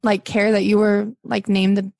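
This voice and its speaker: A woman's voice: medium pitch, little pitch movement, normal speed, vocal fry, a little mellow, no echo. Chatty woman interviewer, dry close sound. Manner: playing an eager interviewer, chatty. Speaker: podcast co-host. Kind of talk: improvised comedy podcast.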